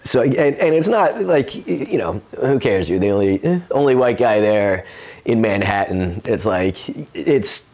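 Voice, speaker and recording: A man with a fairly low voice tells a story in loose, casual chat. He is a comedian hosting his own show. His telling rambles, is full of swearing and often breaks into laughter. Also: darkish tone. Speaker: comedian host.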